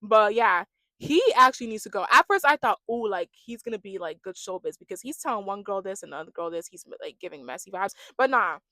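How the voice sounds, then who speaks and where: A woman giving a gossipy, animated recap of a reality dating show, imitating the cast as she goes. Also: mid-range voice, brisk, no echo. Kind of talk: casual reaction commentary.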